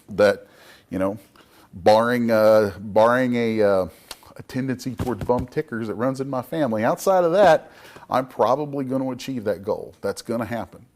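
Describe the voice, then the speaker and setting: A man's voice: mid-range voice, a little mellow. A middle-aged man speaking as a guest comic book creator at a public talk, emphatic and folksy in a motivational way.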